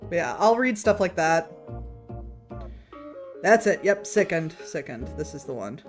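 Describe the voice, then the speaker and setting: A woman's voice: on the low side, lively intonation, measured pace, soft background music. A woman streamer in casual chat with her viewers, talking loosely, laughing often and reading chat messages aloud. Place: home room.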